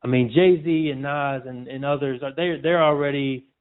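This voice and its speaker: A man, a sportswriter guest, telling stories in a relaxed, slangy way during a casual interview. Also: mid-range voice, moderate pace, clean tone. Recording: tinny phone-like audio.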